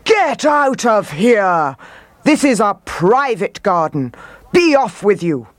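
A woman voicing a grumpy, lonely male giant in a storybook reading, speaking slowly and shouting. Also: mid-range voice, sing-song, no echo, voice pushed up. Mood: angry.

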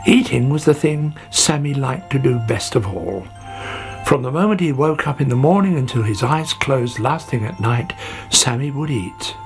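A man reading a children's story aloud in a slow, expressive way. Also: mid-range voice, faint music behind.

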